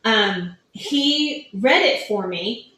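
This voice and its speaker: A woman's voice: a little high, expressive, drawn-out words, bright, forceful tone. Chatty woman author in an echoey room. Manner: chatty storytelling, acts out family quotes. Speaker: author guest. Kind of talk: casual interview chat.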